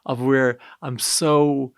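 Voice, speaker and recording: A man's voice: mid-range voice, level tone, slow pace, clear, resonant tone, no room sound, clean studio sound. A man talking as a podcast guest in a casual, reflective way, full of "like"s. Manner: reflective, hedging with many "like"s. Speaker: podcast guest, wellness practitioner.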